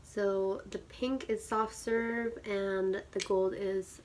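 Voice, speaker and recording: A woman's voice: medium pitch, flat delivery, slow, hardly any pauses, a little hiss or hum. A woman in her thirties vlogging a beauty unboxing, gushing with squeals and dropping to whispered asides. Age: 30s. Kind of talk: excited unboxing chat.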